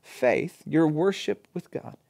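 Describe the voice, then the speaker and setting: A middle-aged pastor giving an earnest, animated sermon in a conversational style, full of everyday examples. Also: male voice, on the high side, takes it slowly, creaky.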